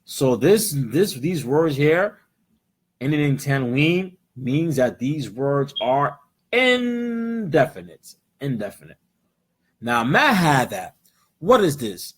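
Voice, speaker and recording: A man's voice: a little high, sing-song, takes it slowly, slightly rough. An American man teaching a live class, explaining patiently and checking in with "right?" again and again. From United States. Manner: explains patiently, switching between English and Arabic words. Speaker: Arabic teacher. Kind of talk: classroom lesson. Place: in-person class with students.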